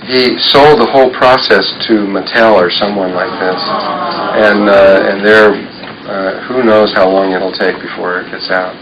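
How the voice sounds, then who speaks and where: A man's voice: on the low side, steady tone, unhurried, muffled recording, background noise. A man giving a rambling lecture at a workshop, explaining drawings as he goes. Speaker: workshop speaker. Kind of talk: lecture talk.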